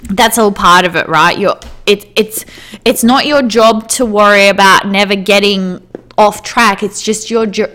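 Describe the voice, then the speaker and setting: A woman's voice: mid-range voice, a little slow, a bit bright. A woman, talking candidly in a casual personal monologue, full of "like", easy laughs and casual swearing.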